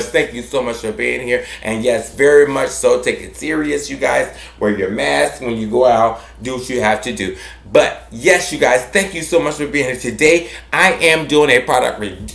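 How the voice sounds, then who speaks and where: A man hosting a gardening channel, chatting casually and warmly to viewers, effusive and repetitive. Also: vocal fry, echoey room. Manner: effusive and affectionate, repeats himself, big swings in pitch. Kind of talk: casual vlog chat to viewers.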